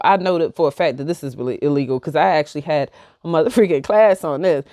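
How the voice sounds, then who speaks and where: A young woman vlogging, telling a personal story in a heated, animated way and acting out both sides of each exchange. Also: sits low, fast, no room sound, clean studio sound. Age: young adult. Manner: heated, animated retelling with quoted back-and-forth. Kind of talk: casual storytelling.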